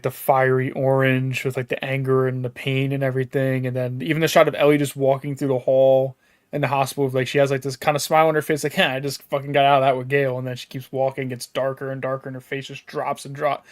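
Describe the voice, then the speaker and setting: A man co-hosting a casual podcast, excitable, swearing freely and laughing as he talks. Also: medium pitch, quick pace, no echo, studio quality. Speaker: podcast co-host. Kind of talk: casual live-stream chat.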